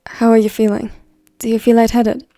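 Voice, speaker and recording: A woman reading the lines of a caring young male volleyball player in a story, in a calm, concerned way. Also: fairly high pitch, brisk, dry recording, clean studio sound, faint music behind, close to an everyday voice.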